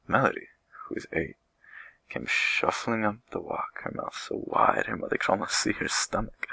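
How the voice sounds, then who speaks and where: Very deep gravelly man reading a storybook. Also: no echo, poor audio. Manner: gentle, unhurried reading with light voices for characters. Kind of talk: children's book read aloud.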